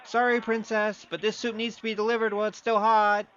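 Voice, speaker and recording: An actor playing a cocky young male thief who speaks in a wry, playful, quick-witted way, narrating his tale in a radio play. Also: medium pitch, animated, pushed and bright, highs cut off, a faint crowd. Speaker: narrator and lead.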